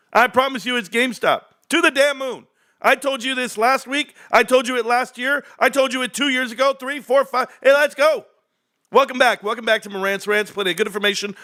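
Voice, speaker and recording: A man hosting a stock market livestream, talking to his chat in a hyped, loud and rambling way, jumping from one topic to the next. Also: very high voice. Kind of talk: excited livestream rant to a live chat.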